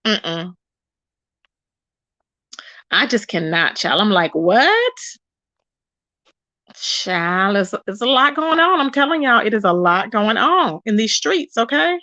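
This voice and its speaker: A woman hosting a live stream, reading her chat aloud and gossiping in an animated, chatty way, calling her viewers baby and child. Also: mid-range voice, measured pace, no room sound. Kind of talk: casual gossip commentary.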